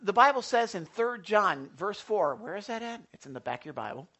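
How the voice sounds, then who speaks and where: A male pastor delivering a sermon in an animated way, swinging between loud emphasis and soft, quiet asides. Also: high voice, brisk, highs cut off.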